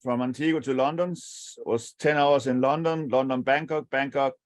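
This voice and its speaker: A man's voice: medium pitch, moderate pace, dry recording. A man in his fifties chats as a podcast guest. He tells his old travel stories in an easy way and lists each stop in turn. The recording is dry and close, with little room sound. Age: 50s. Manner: relaxed storytelling, recalls places one after another. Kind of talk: casual chat. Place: home by the palm trees.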